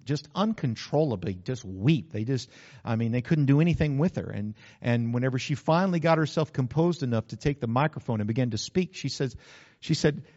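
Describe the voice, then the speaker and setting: A man, a pastor, preaching a sermon in an earnest way, slowing down to stress key words. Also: medium pitch, mellow. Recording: slightly dull lo-fi sound.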